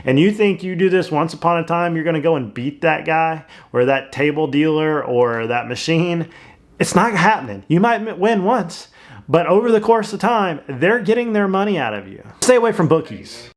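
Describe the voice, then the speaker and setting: A man's voice: on the high side, animated, normal speed. A middle-aged man, a host, giving blunt, plainspoken advice on money and gambling in casual commentary. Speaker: real estate agent and channel host. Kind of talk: casual talking-head commentary.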